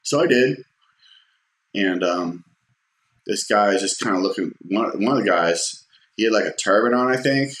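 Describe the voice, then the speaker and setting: A man's voice: fairly low pitch, expressive, normal speed, long pauses, a bit bright, a little hiss or hum. A man casually telling a personal story, rambling with fillers and restarts and acting out quotes in a raised voice. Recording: roomy echo.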